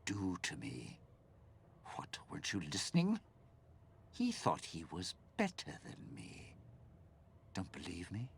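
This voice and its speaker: A gravelly, bitter old schemer. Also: male voice, wildly swooping pitch, takes it slowly, pauses often, a little hiss or hum, heavily acted. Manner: low gravelly menacing drawl. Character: bitter scheming older male game villain.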